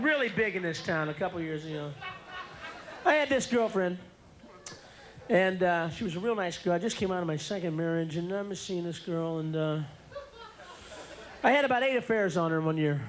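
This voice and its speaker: A man doing a stand-up comedy routine in a club, talking loud and breaking into sudden screaming outbursts. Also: high-pitched, animated, a little fast. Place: comedy club stage with live audience. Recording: noisy live club recording.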